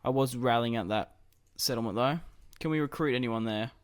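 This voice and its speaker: A man's voice: medium pitch, fairly quick, clear, resonant tone, dry recording, studio quality. A man casually commenting on his strategy game as he plays, thinking aloud about his moves. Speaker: gaming YouTuber.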